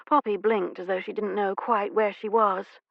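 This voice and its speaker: A woman narrating a romance audiobook in a measured, even storytelling manner. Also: mid-range voice, vocal fry, no room sound, highs cut off. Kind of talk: scripted narration.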